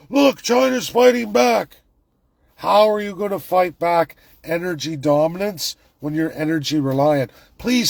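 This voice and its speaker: A man's voice: on the high side, dry recording. A man, ranting emphatically and repetitively in a political vlog monologue. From Canada. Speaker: political commentator.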